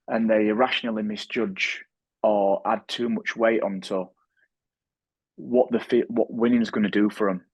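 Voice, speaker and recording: A man's voice: lowish voice, fairly even intonation, moderate pace, breathy edge, dry recording. A man speaking as a podcast guest and author, talking earnestly and often restarting his sentences. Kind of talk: reflective interview talk.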